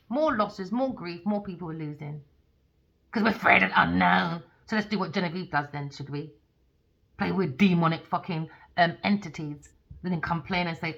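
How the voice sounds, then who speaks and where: Gravelly low-voiced woman ranting. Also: a bit bright, low-quality recording. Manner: profane, ranting. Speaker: tarot reader. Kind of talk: heated casual rant.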